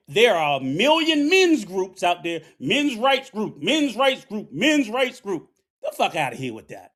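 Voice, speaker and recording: A middle-aged man delivers a heated, profane commentary rant. His voice sits unusually high for a man, and he preaches and scolds throughout. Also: a bit bright. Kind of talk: ranting commentary.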